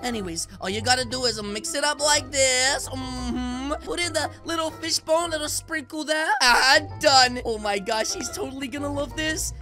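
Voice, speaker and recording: A woman hosting a game roleplay video, talking dramatically and excitedly to her viewers. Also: high voice, moderate pace, few pauses. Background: background music.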